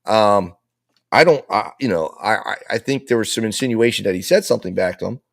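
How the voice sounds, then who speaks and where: Male trial commentator, low voice, argumentative, repeats his points, dry sound. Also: fairly quick, vocal fry, dry recording. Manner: argumentative, repetitive, restating the other side's case. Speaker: legal commentator.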